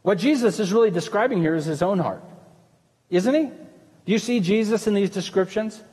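A man in a church sanctuary preaches a sermon at normal speed, his high voice a little mellow. He speaks conversationally as pastor and asks the congregation questions, with the church hall's long reverb filling the recording.

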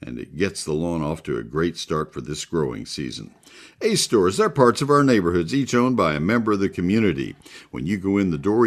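This is a man hosting a call-in gardening show on the radio. He, a notably low voice and an easygoing, folksy delivery with fillers. He chats his way through listings and sponsor reads. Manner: folksy, chatty, with frequent filler ums. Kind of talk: live call-in radio talk with read ads.

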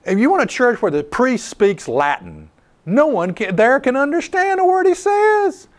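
A man preaching a sermon to listeners, animated and storytelling, with a teasing edge as he lists what people want from church. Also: very high-pitched, moderate pace.

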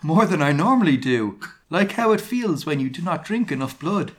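A man's voice: fairly high pitch, big pitch swings, moderate pace, hardly any pauses, a bit bright. A man co-hosting a casual podcast, reading fan fiction aloud in a mock-dramatic way, laughing and swearing often. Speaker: podcast co-host.

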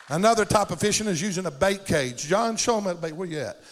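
Man, preacher, high-pitched, swooping delivery, exuberant, ringing hall reverb. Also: animated, fast talker, hardly any pauses, a faint crowd, a little hiss or hum. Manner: exuberant, calls for amens, shouts bursts of praise. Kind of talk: animated sermon.

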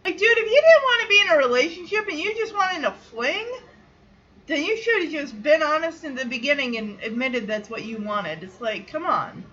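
A woman hosting a fan podcast, recapping a sitcom episode in a casual, animated way with chatty asides. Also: high voice, moderate pace, highs cut off. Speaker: podcast host.

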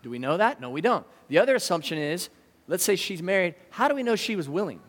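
High-voiced preacher in an echoing hall. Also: male voice, fast. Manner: conversational, animated, asks the audience questions. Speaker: pastor. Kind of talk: sermon. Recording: long reverb of a large hall.

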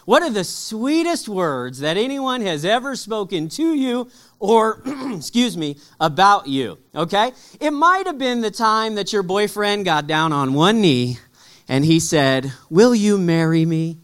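A man pastor giving a conversational, lively sermon to a church audience. He jokes with the room, then drops to a soft, low voice for weighty points. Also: a little slow. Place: church auditorium with live audience.

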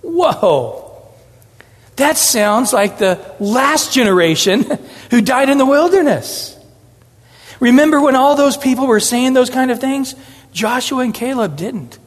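A man preaches through a Bible passage in a high voice, acting out the quoted words with shifting inflections. His voice rings with the long reverb of a large hall. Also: unhurried. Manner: animated, acts out scripture quotes with changing inflections. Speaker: pastor. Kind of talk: expository sermon.

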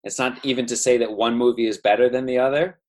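A man co-hosting a movie podcast who talks in a hesitant, thoughtful way and fills his pauses with ums. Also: mid-range voice, fairly even intonation, darkish tone. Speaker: podcast co-host. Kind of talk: casual movie chat.

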